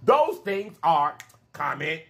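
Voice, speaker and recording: A man hosting a mukbang vlog, talking straight to his viewers in an animated, emphatic way and repeating his phrases for effect. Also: fairly high pitch, slow. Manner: emphatic, preachy encouragement. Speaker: mukbang channel host. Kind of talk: casual vlog sign-off talk.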